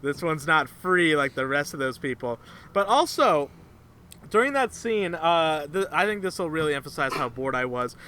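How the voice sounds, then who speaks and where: Lively high-pitched male podcast co-host. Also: moderate pace. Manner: animated storytelling, acting out quotes, laughing often. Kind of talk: casual comedic chat.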